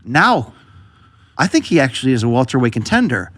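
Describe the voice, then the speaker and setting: A man's voice: medium pitch, a little fast. A man hosting a casual sports podcast, steering the talk with jokes between fight picks. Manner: animated, joking, steers the segments. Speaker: podcast host.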